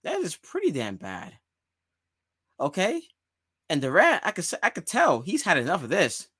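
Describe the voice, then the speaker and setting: An animated man hosting a sports podcast, hammering his points by repeating them. His voice sits fairly high and sounds bright and forceful, close and dry. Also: normal speed, slightly rough, no room sound. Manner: animated, emphatic, repeats phrases. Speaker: podcast host.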